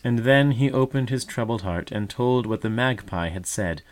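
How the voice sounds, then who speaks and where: A man narrating a storybook tale in a measured, gentle read. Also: mid-range voice.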